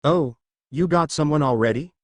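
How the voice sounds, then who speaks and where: A man's voice: on the high side, moderate pace, no echo, lightly acted. A man voicing a tough, brash adult woman superhero who talks in a teasing, cocky way, in a fan story reading.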